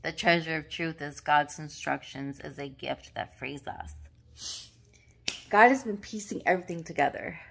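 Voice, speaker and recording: A woman in a tearful, sniffling state, speaking haltingly with many fillers and apologies as she shares a devotional journal in a casual vlog. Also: sits low, gravelly, a bit bright, breathy edge. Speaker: vlogger sharing devotional reflections. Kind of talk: emotional devotional vlog, reading journal aloud.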